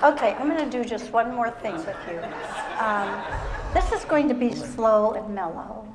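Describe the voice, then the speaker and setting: A woman fitness instructor leading a seated exercise routine on a live stage show. She gives short, calm, step-by-step cues and keeps encouraging the audience. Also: on the high side, normal speed, noisy background. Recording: music playing under the voice. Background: background music.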